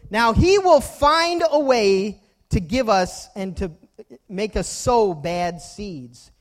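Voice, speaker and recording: High-voiced man preaching a sermon. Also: expressive, takes it slowly. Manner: preaching with stories and questions to the congregation. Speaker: pastor.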